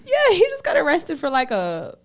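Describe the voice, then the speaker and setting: Animated, joking woman podcast host. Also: high-pitched, normal speed. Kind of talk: casual chat.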